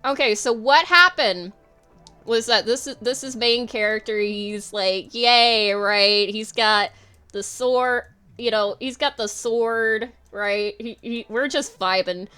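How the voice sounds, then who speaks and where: A woman's voice: a little high, slow, pushed and bright, clean tone. A woman streamer giving a rambling, giggly, casual commentary as she draws, swearing freely. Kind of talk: casual livestream commentary while drawing.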